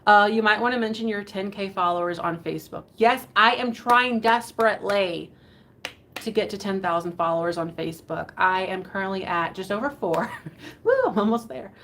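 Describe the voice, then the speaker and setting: A chatty woman hosts a live vintage sale. She rambles and giggles as she shows items, her voice at a middle pitch. Faint noise sits behind her. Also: moderate pace, a bit bright. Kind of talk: casual live selling chat.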